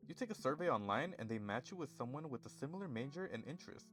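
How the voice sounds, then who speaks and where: A man playing through a story game, reading its dialogue aloud in an animated, jokey way and switching between character voices. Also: mid-range voice, fast talker, hardly any pauses, soft background music. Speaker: gaming YouTuber.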